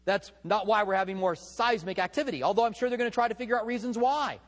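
A middle-aged pastor preaching a sermon in a conversational way, mixing scripture with humorous personal stories. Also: male voice, sits high, quick pace, fairly bright tone.

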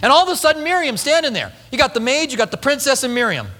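A male pastor preaching a sermon, telling a story with lively acted-out quotes. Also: very high-pitched, quick pace, long reverb tail.

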